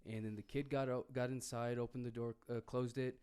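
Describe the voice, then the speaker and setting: A man with a smooth, resonant voice tells a story casually. He stops and restarts often as he works through it, at an average pitch. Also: flat delivery, warm tone. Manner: halting, restarts often while recounting. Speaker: podcast co-host.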